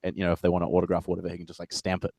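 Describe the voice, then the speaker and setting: A male guest on an online chat, rambling through jokes and stories in a lowish voice. His lines often drop away into quiet asides. The sound is close and dry, with no room around it. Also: monotone, rapid-fire, dry recording. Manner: rambling, jokey, trailing off quietly. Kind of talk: casual chat.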